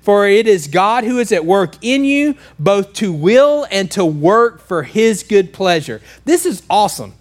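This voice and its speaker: A man with a fairly high voice preaching in a church. He talks to his congregation casually, checking in with frequent questions as he goes. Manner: conversational, asks the congregation questions. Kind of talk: sermon.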